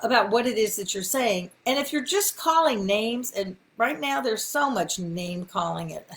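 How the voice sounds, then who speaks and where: A woman's voice: fairly high pitch, expressive, moderate pace. A middle-aged woman, hosting a live faith talk in a folksy, encouraging way with many ums and asides. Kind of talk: casual live-stream teaching.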